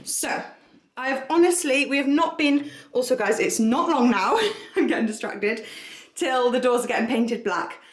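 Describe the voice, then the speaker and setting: Young woman vlogger, bubbly and giggly, brightish voice, echoey home rooms. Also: high voice, normal speed. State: pregnant, out of breath at times. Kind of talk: casual vlog chat. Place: home, walking between rooms.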